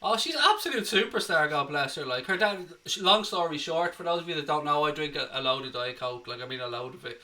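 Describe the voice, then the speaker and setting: A man's voice: a little high, animated, fast talker, few pauses, sharp tone. An Irish man hosting a live football watchalong, chatting cheekily and reading out viewer comments. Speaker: host.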